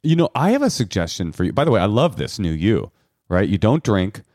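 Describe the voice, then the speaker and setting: Dry, sarcastic low-voiced man. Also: very animated, a little fast, darkish tone, no room sound. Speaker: podcast co-host. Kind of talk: casual comedic chat.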